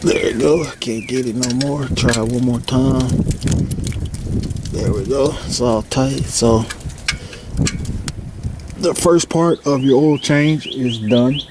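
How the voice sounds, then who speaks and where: Slow-talking man, windy outdoors. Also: mid-range voice. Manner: relaxed, plain-spoken, instructive. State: out of breath. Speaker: DIY car vlogger. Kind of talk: casual how-to narration. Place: outdoors under a car. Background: wind and outdoor noise.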